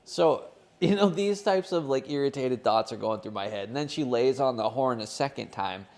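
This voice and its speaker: A man's voice: medium pitch, expressive, brisk, a little mellow. A man co-hosting a casual sports podcast, telling a rambling story full of swearing. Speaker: podcast co-host. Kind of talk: casual chat.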